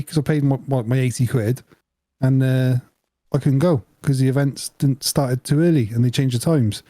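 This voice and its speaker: Laughing storyteller. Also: male voice, medium pitch, moderate pace, no echo. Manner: animated storyteller, laughs a lot. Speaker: podcast co-host. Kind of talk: casual chat.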